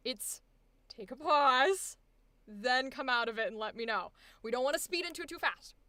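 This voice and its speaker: Casting note: high-pitched young female voice coach, chatty and exclamatory, dry close sound. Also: lively intonation, moderate pace, bright, forceful tone, no echo. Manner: chatty, laughs often, exclamatory. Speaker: voice acting coach. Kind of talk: live-streamed coaching session.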